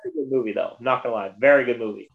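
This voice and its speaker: Man, casual movie chat, rambling retelling, middle pitch, muffled audio. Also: rapid-fire, creaky. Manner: rambling, retelling scenes with quoted voices.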